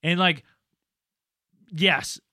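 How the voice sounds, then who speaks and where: A young man with a bright, forward voice and a slightly high pitch tells rambling stories on a podcast. His delivery is casual and animated, and he swears freely. The sound is dry and close. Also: drawn-out words, no room sound. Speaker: podcast co-host. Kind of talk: casual storytelling.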